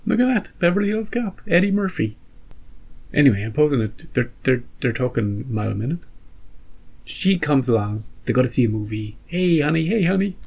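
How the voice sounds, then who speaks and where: A man hosting a reaction video, rambling and joking with animated outbursts in casual commentary. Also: mid-range voice, a little fast, husky.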